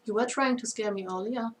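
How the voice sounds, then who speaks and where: Chatty German-accented woman. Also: mid-range voice. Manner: chatty, laughs often, many fillers. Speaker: band member co-hosting a livestream. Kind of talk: casual livestream chat.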